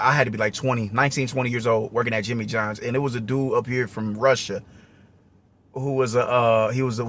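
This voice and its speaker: A man's voice: mid-range voice, bright, forceful tone. A young man giving a casual, profane, slang-heavy commentary rant about boxing. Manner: profane, slangy, restless and repetitive.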